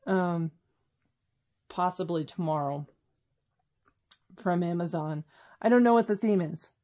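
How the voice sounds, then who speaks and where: A woman's voice: lowish voice, unhurried, mellow. A woman vlogger in casual chat, rambling and correcting herself as she goes. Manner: rambling, self-correcting, chatty.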